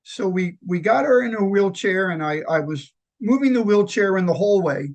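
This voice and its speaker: A man who founded a nonprofit tells personal stories in an interview, halting with fillers and restarts and acting out the quoted lines. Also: high-pitched. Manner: lively anecdotal storyteller who acts out quoted lines. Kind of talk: conversational interview storytelling.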